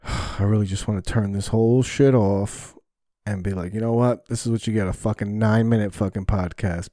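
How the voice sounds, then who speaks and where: A man's voice: low voice, dark tone, no echo, clean studio sound. A man hosting a solo podcast, talking candidly and rambling, often swearing when frustrated. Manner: candid, self-reflective. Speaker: podcast host.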